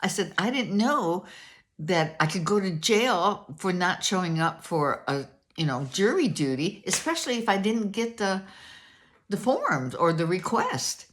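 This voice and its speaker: An older woman telling a story in a casual, animated way, acting out both sides of a conversation. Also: lowish voice, measured pace. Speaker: vlogger.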